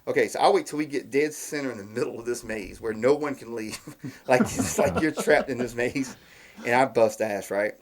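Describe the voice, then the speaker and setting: A man with a drawl telling stories on a podcast. He rambles, restarts and laughs at his own tales. His voice sits at a middle pitch. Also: normal speed, a crowd in the background. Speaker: podcast guest. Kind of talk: casual chat, storytelling.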